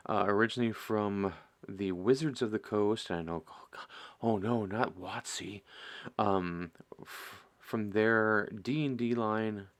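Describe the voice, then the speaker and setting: A middle-aged Midwestern American man with a low voice and some vocal fry hosts a miniature painting stream. He chats casually while he paints, rambling, poking fun at himself and chuckling at his own remarks.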